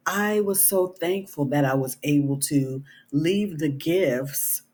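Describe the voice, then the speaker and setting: A middle-aged woman speaks slowly in a husky, slightly breathy voice. She talks to camera in a casual vlog. Her manner is earnest and conversational, with frequent little check-ins to the listener. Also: low-pitched, darkish tone. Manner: earnest, conversational, many "you know" and "right?" tags. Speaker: author.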